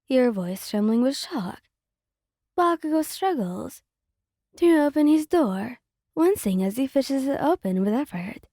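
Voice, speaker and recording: A woman storyteller reading a fan fiction story aloud in an even, read-aloud way. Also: sits high, a little slow, dry recording, clean studio sound.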